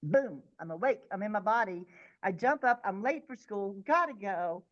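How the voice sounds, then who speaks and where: A woman's voice: mid-range voice, highs cut off. A woman, an interview guest, vividly recounting a childhood spiritual experience. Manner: vivid, animated, quick, sometimes restarting. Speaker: guest sharing her near-death experience. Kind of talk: personal storytelling in an interview.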